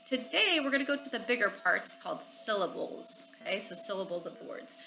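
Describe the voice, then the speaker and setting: A woman teaching young children a phonics lesson, walking through each step patiently and often pausing to check they follow. Her voice is bright and clear, sitting a touch higher than most. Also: a little hiss or hum. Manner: patient, explaining step by step with frequent "okay?".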